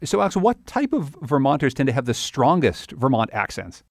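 A man's voice: mid-range voice, big pitch swings, moderate pace, dry recording, clean studio sound. A man hosting a radio interview, asking curious, conversational questions. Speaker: radio host.

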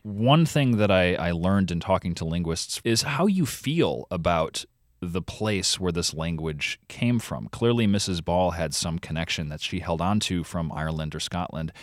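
A man with a lowish voice explains carefully as a radio guest, pausing on fillers now and then. The sound is close and dry, like a studio mic. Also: no echo. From Vermont. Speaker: radio reporter and podcast host.

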